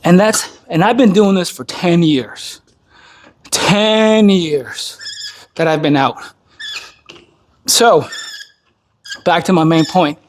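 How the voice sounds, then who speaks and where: A worn-out army veteran talks straight at the listener, his voice pitched a little above the usual for a man. He is blunt and swears constantly, sounding tired from a recent illness as he rambles through a casual monologue. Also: takes it slowly, pauses often. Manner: blunt, heavily profane. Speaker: army veteran turned speaker.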